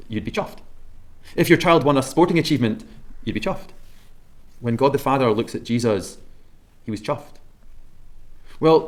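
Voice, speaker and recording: A man with a Scottish accent preaching a sermon, measured and emphatic, slowing down to stress key words. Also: mid-range voice.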